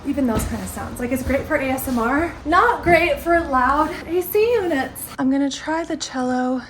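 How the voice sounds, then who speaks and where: A young woman vlogging casually at home, thinking out loud in a chatty, upbeat way as she tidies a room. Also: sits high, lively intonation, moderate pace, a little hiss or hum. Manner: chatty, upbeat, talks to herself while tidying. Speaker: lifestyle vlogger. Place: apartment room with a loud air conditioner.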